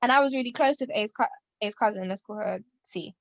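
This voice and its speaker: A woman's voice: mid-range voice, a little fast, vocal fry, no echo, highs cut off. A woman in her twenties co-hosting a podcast, telling a story in a rambling way and acting out what people said. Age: 20s. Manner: rambling, animated, acts out quotes. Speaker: podcast co-host. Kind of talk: casual chat, storytelling.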